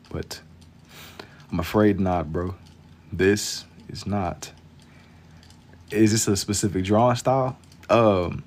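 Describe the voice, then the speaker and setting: Chill young dude drawing on a late night stream, deep voice, slangy and low-key, faint hiss behind. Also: male voice, slow pace, long pauses. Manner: laid-back, slangy, kept quiet for late night. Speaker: live-stream artist. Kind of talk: casual chat with viewers while drawing.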